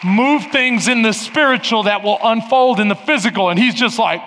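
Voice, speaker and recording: A man, a pastor, telling a story in a sermon, swinging between shouting and quiet asides. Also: high-pitched, moderate pace, few pauses. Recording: long hall reverb.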